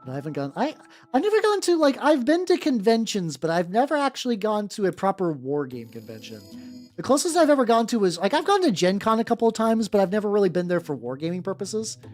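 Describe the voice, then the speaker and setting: Rambling, mid-pitched stream host, casual and profane, soft music underneath. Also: very animated, fast talker. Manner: rambling, many restarts and swearing. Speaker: streamer painting miniatures. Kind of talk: casual livestream chat. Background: faint background music.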